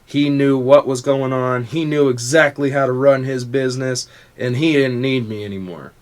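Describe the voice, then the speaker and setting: A man's voice: medium pitch, fairly even intonation, normal speed. A young adult man hosting a motivational podcast in a casual, profane, confrontational rant. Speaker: podcast host.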